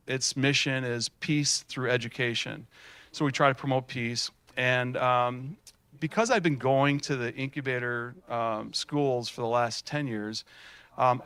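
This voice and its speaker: A middle-aged man giving a folksy, animated keynote at a student showcase, telling stories with many fillers and restarts. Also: mid-range voice, no echo. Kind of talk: storytelling keynote speech.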